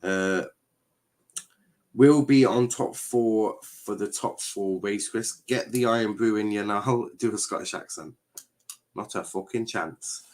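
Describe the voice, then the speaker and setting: A man's voice: lowish voice, slow, darkish tone. A man hosting a casual football show, rambling along, reading out viewer comments with plenty of hesitant fillers and restarts. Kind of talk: casual live-stream chat.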